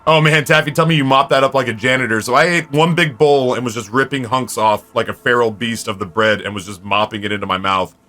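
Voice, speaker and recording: A man streaming a game from home, telling stories to his viewers in an animated, foul-mouthed, casual way. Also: mid-range voice, fast, few pauses. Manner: animated storyteller, swears freely. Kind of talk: casual chat with viewers while gaming.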